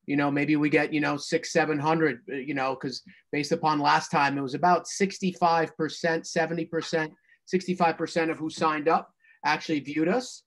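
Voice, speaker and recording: A man hosts a video call and walks everyone through the stream setup. His voice sits a little high for a man, and he rambles with plenty of fillers. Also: flat delivery, moderate pace, fairly bright tone. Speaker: host and stream producer. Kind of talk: explaining stream logistics.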